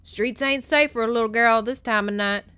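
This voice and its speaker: A woman voicing a tender-hearted, rough-spoken male horseman with a folksy manner. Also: fairly high pitch, fairly even intonation, normal speed, sharp tone, no room sound. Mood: gentle.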